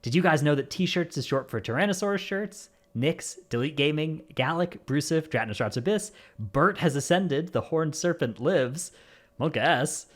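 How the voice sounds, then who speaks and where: A man's voice: a little high, animated, moderate pace. A man hosting a gaming podcast, reading out supporter names in an easygoing way with jokey asides. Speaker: podcast host. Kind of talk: casual gaming podcast chat.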